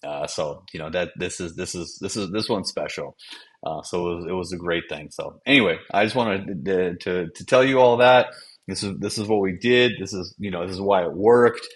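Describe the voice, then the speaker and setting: A man's voice: sits low, normal speed, husky. A man in his forties, an advertising copywriter, talking casually to camera and rambling from one thought to the next. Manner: rambling, jumps between thoughts. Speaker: advertising copywriter and channel host.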